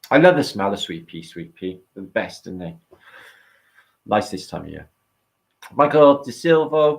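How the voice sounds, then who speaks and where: Casual British male streamer, mid-pitched, rambling and profane, reading out chat names. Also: expressive, unhurried, creaky, pauses often. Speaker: livestream host.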